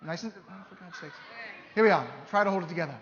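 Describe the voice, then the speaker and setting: A man's voice: high voice, fast talker, fairly bright tone, a little hiss or hum. A man playing a teasing, theatrical old-time statesman. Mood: coaxing. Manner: playful, coaxing, audience-directing. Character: teasing, theatrical male founding-era statesman. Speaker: costumed performer at an educational show. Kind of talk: live historical re-enactment for students. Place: large hall with a live audience. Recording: dull, echoey hall with faint ambience.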